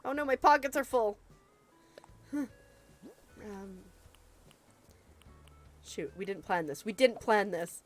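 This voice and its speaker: A woman chatting casually with viewers during a live game stream, excitable and quick to gasp and laugh. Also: mid-range voice, soft background music. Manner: excitable, gasping and laughing often. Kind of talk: casual live-stream chat while gaming.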